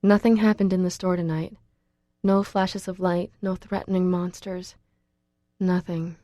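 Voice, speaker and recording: A woman reads a first-person audiobook in an intimate, expressive way. Her voice is fairly low and mellow, recorded close and dry. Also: unhurried, dry recording. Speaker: audiobook narrator.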